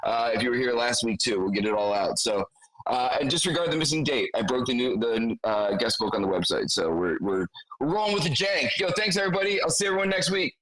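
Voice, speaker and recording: Chill dude hosting a stream, lots of uhs, casual slang, mid voice. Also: male voice, mid-range voice, animated, fairly quick, a bit bright, rough recording. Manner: laid-back, slangy, chatty with many fillers. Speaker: host. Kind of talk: casual livestream wrap-up.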